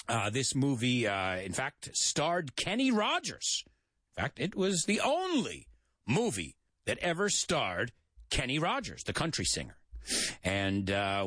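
Spelling out and repeating words for learners between jokes, this US-born English teacher chats his way through a relaxed lesson on his show. His voice is mid-range and a bit bright, and the recording is clean, dry studio sound.

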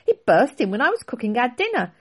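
A woman's voice: fairly high pitch, sing-song, quick pace, husky, pitched above the performer's own voice, heavily acted. A woman playing a feisty old granny. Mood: indignant. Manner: indignant, scolding. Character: tiny feisty old grandmother. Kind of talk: storybook reading.

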